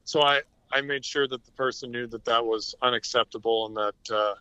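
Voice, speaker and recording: Bright-voiced, earnest man telling stories. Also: medium pitch, steady tone, fairly quick, clear, resonant tone, no echo, muffled recording. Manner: earnest, rambling anecdotes with many restarts. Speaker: podcast guest, former hockey player. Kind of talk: casual interview storytelling.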